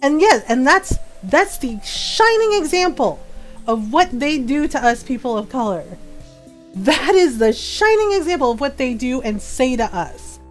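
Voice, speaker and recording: A woman hosts her livestream in casual chat, her slightly high voice heated and emphatic. She circles back and repeats her points for weight, with faint music playing underneath. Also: big pitch swings, unhurried. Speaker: livestream gamer host.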